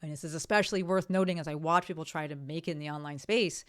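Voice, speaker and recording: A woman's voice: sits low, steady tone, fast talker, fairly bright tone. Profane, rambling woman podcast host. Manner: blunt, profane, rambling with frequent "right?" tags. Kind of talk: casual solo podcast monologue.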